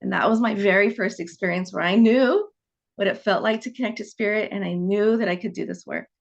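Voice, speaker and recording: A woman in her forties, a psychic medium, telling her story on a podcast in an animated way and acting out the dialogue. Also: mid-range voice, fairly quick, vocal fry, dull audio.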